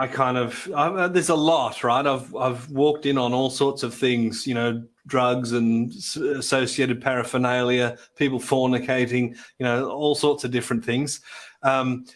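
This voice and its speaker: A man, a podcast guest and depreciation expert, telling self-deprecating stories and explaining plainly in a relaxed interview. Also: medium pitch. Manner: chatty, self-deprecating storyteller. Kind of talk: conversational interview, anecdotes and explanations.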